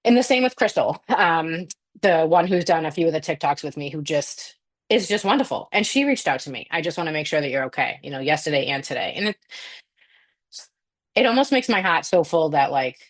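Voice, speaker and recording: A young woman, a nurse, chats casually. She tells stories with big swings in pitch and breaks into laughter often. Her talk is loose, with swearing. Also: expressive, a little fast. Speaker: podcast co-host, nurse. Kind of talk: casual chat.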